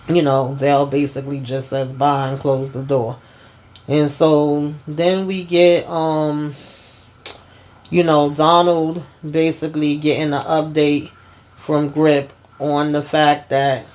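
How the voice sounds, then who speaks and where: A woman's voice: deep voice, flat delivery, slow, darkish tone. A woman hosting a casual TV episode recap, retelling scenes in a chatty way and often adding "you know" and "okay?". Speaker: host.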